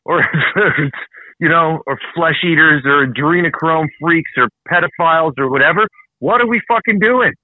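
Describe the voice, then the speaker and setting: A man from Canada hosting a heated political talk show, ranting fast and swearing often. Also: on the high side, no echo. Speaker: show host. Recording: dry, phone-like narrow sound.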